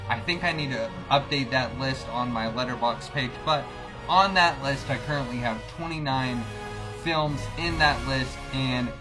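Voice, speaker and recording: A man casually ranking movies for his channel, enthusiastic and swearing freely in a relaxed chat. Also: mid-range voice, unhurried, music in the background. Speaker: movie reviewer.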